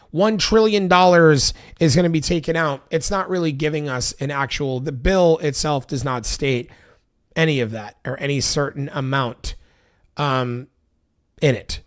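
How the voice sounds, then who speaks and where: A man on a stream reading a bill aloud line by line, breaking off into loose, casual asides full of fillers. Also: medium pitch. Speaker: political commentary streamer.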